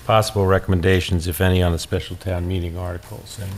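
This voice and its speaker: A man chairing a town board meeting, speaking in a measured, procedural way with frequent fillers. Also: low voice, little pitch movement. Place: town hall meeting room.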